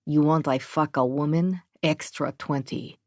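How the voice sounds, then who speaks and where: Woman doing a throaty eastern european lady, brash and mocking, low voice, dry. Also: steady tone, unhurried, a little mellow, no room sound. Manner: throaty, brash, broken English. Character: woman tenant sex worker, haughty and mocking.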